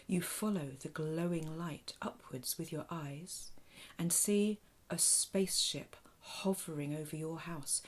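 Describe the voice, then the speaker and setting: Soft-spoken woman telling a children's story. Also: low-pitched, breathy edge. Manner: soft, hushed, often half-whispered delivery. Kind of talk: guided imagination story narration.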